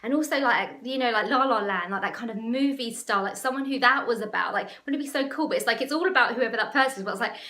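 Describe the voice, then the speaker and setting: A woman's voice: fairly high pitch, quick pace, bright, forceful tone, echoey room. A woman business coach talking to camera in an emotional, passionate, rambling way. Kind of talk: casual talk to camera.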